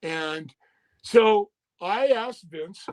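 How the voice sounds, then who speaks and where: A man with a fairly high speaking voice spins a long, candid story as an interview guest. He swears freely and acts out what everyone said along the way, in the talk of a middle-aged former wrestler. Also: very slow. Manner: profane, animated storyteller acting out quoted dialogue.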